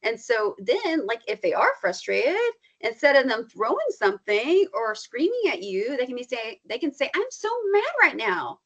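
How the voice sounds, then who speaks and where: A woman counselor talking casually on a podcast, animated and explaining, often leaping up in pitch to act out what she quotes. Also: normal speed, hardly any pauses. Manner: animated, acts out quoted feelings with big pitch jumps. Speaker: counselor guest. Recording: slightly dull lo-fi sound.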